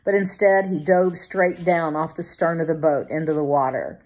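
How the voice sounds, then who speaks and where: A woman narrating a novel as an audiobook in a measured, vivid storytelling manner. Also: low-pitched, fairly even intonation, darkish tone. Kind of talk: scripted narration.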